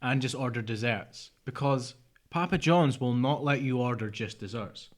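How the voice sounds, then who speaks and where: A man's voice: medium pitch, normal speed. Chatty man on a podcast. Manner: rambling, swears casually, drops to mutters. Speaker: podcast co-host. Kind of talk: casual chat.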